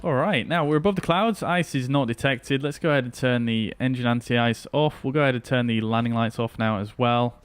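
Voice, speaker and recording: A man with a clear, resonant, mid-range voice speaks briskly with few pauses. He's streaming a flight simulator and chatting casually with viewers as he flies.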